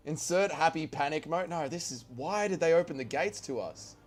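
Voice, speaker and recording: Excitable high-voiced male game streamer. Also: moderate pace. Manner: excitable, swearing, shouting orders and cheers. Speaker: gaming streamer. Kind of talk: live strategy-game commentary.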